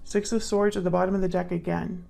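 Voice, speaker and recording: A woman's voice: on the low side, flat delivery, fast, creaky, a little mellow, soft background music. A woman giving a casual tarot reading, thinking aloud and murmuring questions to the cards as she pulls them. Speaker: tarot reader.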